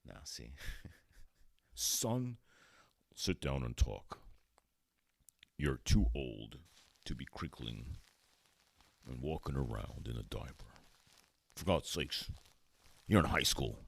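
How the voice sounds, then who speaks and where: A man's voice: rumbling low, very animated, slow pace, creaky, long pauses, slightly rough, exaggerated voice. A man playing a stern, blustering 1950s sitcom father lecturing his son.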